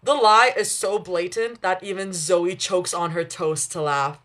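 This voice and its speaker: A woman's voice: on the low side, a little slow. A young woman reading her fan fiction aloud on a livestream, chatty, stopping to laugh and correct herself.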